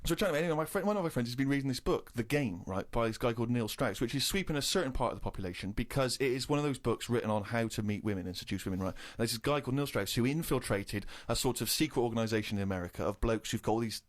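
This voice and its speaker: English guy in his thirties, brisk comic anecdote teller, indignant streak. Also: medium pitch. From England. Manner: animated storytelling, rising indignation. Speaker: co-host telling an anecdote. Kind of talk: casual comedy podcast chat.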